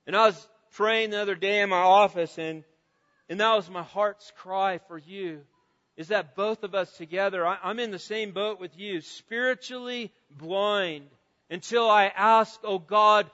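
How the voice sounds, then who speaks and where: A high-voiced man preaching an earnest sermon. He stumbles over repeated words and builds to loud cries. His voice rings out in a big hall with a long tail of reverb and sounds a little dull. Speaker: pastor.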